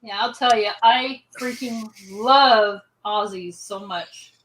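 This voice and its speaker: A woman from the United States chatting casually, warm and playful as she tells stories. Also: mid-range voice, slow pace, echoey room, slight background noise, poor audio. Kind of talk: casual chat.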